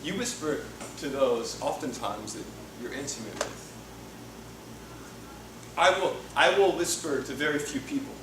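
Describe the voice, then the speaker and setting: A man's voice: medium pitch, animated, measured pace, long pauses. A man in his thirties preaching a playful, jokey sermon to a youth group, with frequent laughter. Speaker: youth pastor. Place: church hall. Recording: echoey hall from far off, noisy.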